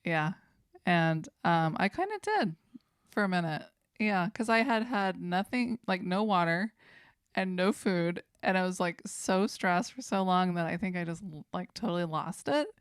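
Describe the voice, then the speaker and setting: A woman in her forties with a lowish, smooth voice tells a story in relaxed, rambling podcast chat. The sound is close and dry. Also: measured pace, dry recording.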